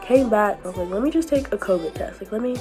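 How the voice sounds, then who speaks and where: A woman's voice: medium pitch, lively intonation, quick pace, warm tone. A young woman vlogging casually about her week, filling her talk with "like", with a scratchy sore throat and a cough, over faint music. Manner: chatty, fills speech with "like", laughs often. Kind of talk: casual storytelling vlog.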